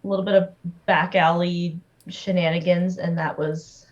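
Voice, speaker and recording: A woman's voice: fairly low pitch, little pitch movement, moderate pace, dull audio. A woman player chatting casually on a tabletop game stream, playful and self-aware.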